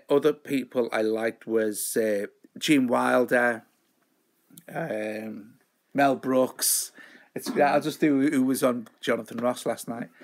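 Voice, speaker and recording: A man's voice: medium pitch, vocal fry. A man hosting a live show, chatting in a rambling, self-mocking way. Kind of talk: casual live-stream chat.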